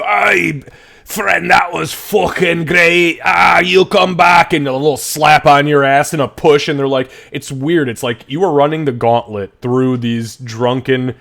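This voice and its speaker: Relaxed and chatty, a medium-pitched man runs a tabletop game as game master, narrating and voicing the townsfolk along the way.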